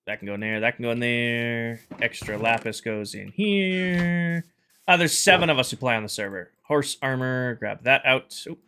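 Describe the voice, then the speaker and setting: A man's voice: medium pitch, lively intonation, normal speed, pushed and bright, a little hiss or hum. A man streaming a game live, chatting casually, thinking aloud as he sorts items and greeting viewers in chat.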